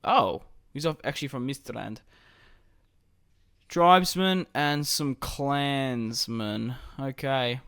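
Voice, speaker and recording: Man, gaming commentary, casual, thinking aloud, smooth clear voice, dry close sound. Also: medium pitch, takes it slowly, fairly bright tone, dry recording. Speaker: gaming YouTuber. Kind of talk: strategy game commentary.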